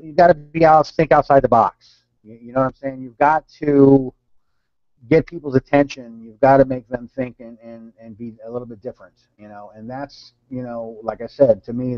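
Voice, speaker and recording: Man, sales team trainer, earnest and halting delivery, muffled dry call audio. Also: medium pitch, a little mellow, no room sound. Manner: earnest, halting, repeats and restarts words. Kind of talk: live online training talk.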